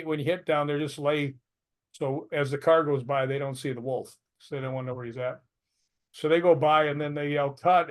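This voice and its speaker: An older man, a retired stuntman, telling stories as a guest in a casual interview, laughing and acting out what people said. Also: fairly high pitch. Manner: animated storyteller who laughs and acts out quotes.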